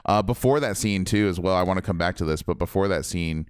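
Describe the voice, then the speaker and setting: A man's voice: low voice, fast, smooth, dry recording, studio quality. A young man co-hosting a podcast, chatting casually and animatedly about a video game. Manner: animated, laughing, acts out quoted characters. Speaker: podcast co-host.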